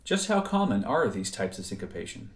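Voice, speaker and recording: A man narrating a scripted music theory lecture in a measured, precise way. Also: fairly low pitch, very animated. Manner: measured, precise explanatory delivery. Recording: roomy echo.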